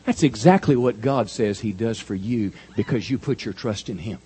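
A man preaching a sermon in an animated, folksy storytelling manner. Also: lowish voice, normal speed, a little hiss or hum. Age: 50s. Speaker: pastor.

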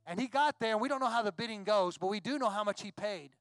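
High-voiced man preaching a story sermon. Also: fast talker, fairly bright tone, no echo, faint music behind. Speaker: pastor. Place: church.

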